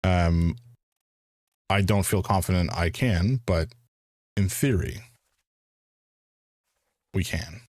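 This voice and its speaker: A man's voice: sits low, slow pace, pauses often, a little mellow, dry recording, clean studio sound. A man streaming a first playthrough of a game, thinking aloud in a hesitant way and often restarting his sentences. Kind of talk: live game commentary.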